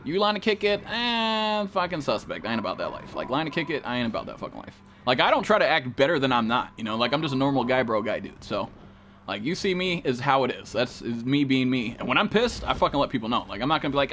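A man's voice: medium pitch, very animated, quick pace, fairly bright tone, a little hiss or hum. A man live-streaming a game, chatting casually and profanely with viewers and greeting them by name.

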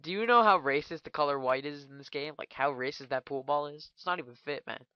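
A man giving casual gameplay commentary, joking crudely and trash-talking with sudden excited outbursts. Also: fairly high pitch, quick pace, clear, resonant tone, dry recording, muffled recording. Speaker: gaming channel host.

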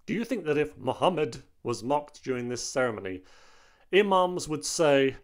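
A man's voice: fairly high pitch, animated, normal speed. A man hosting an opinion commentary video, speaking in an indignant, emphatic way. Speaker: host.

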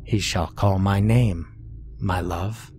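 A man voicing a loving, dying old grandmother who speaks softly and soothingly in a horror story. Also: on the low side, lively intonation, a little slow, faint music behind. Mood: tender. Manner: soft, tender, soothing.

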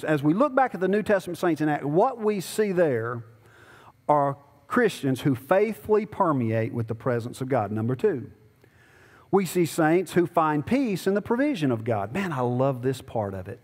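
Male pastor, higher voice, conversational sermon that swells to pleading, long church reverb. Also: sing-song, moderate pace. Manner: conversational preaching, rising to emphatic pleading. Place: church sanctuary.

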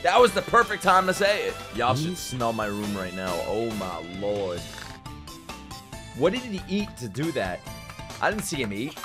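A young man streaming anime reactions from his room, excitable and profane, often breaking into laughter. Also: medium pitch, normal speed, over music. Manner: excitable, swears a lot, bursts into laughter. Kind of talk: casual reaction commentary.

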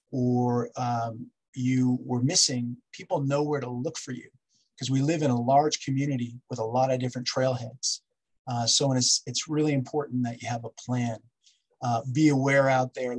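Man, lecturer; husky, instructive delivery, mid-pitched, drills key steps and checks in with "okay?". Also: poor audio. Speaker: wildlife safety lecturer. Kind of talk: public lecture with slides.

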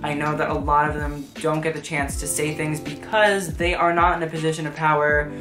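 Low-voiced sarcastic woman, echoey room. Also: level tone, brisk. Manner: profane, sarcastic, frank. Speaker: fashion vlogger. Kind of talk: casual commentary. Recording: echoey room with background music.

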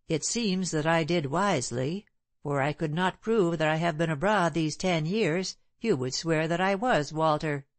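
Woman reading a sneering bitter gentleman. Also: sits low, no room sound. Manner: sneering, clipped. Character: proud bitter middle-aged gentleman, scornful.

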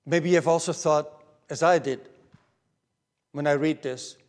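Slow earnest pastor guy preaching, higher voice, goes loud then almost whispers. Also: fairly even intonation. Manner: earnest, swings from raised emphasis to hushed near-whispers. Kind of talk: sermon. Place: church pulpit.

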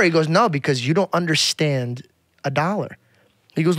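A young man, a podcast guest, telling lively stories from his childhood in casual chat, swearing often and calling people "bro". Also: a little high, fast, slightly rough, dry recording, clean studio sound. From grew up in Arizona. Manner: animated, swears a lot, says "bro".

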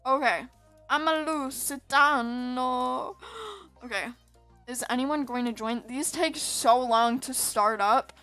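A woman's voice: sits high, slow, pushed and bright, soft background music. A woman chatting casually over her gameplay, rambling and giggly, sleepy from staying up. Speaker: gaming video host.

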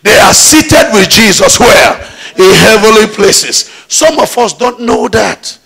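A man's voice: high-pitched, animated, slow, vocal fry, a bit bright, husky. A man preaching a sermon in a church, emphatic, with call-and-response questions. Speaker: pastor.

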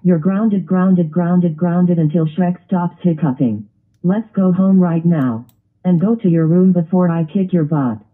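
An angry, strict father handing out a grounding in a homemade cartoon, voiced by a computer. The reading is flat and synthetic with a husky edge. The audio is tinny and narrow. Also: mid-range voice, unhurried, natural voice. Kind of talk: text-to-speech grounded video.

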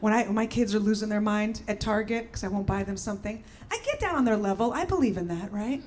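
A middle-aged woman from the former Soviet Union doing a stand-up set, brash and shouting her punchlines with mock-gentle asides. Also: mid-range voice, animated, fast talker. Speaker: stand-up comedian. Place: comedy venue with live audience. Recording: loud crowd and room noise. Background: audience laughter.

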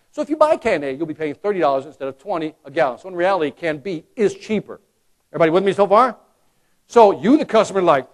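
Animated high-voiced male speaker. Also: fast talker. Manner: animated, acts out customer voices, jokes with the crowd. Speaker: sales trainer giving a keynote. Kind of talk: lively stage talk to a live audience. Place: conference hall.

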